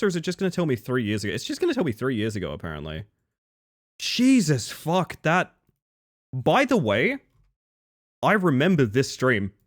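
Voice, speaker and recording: Animated, swearing male streamer. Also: medium pitch. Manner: animated, profane, chatty with viewers. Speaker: livestreamer. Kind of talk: casual stream chat.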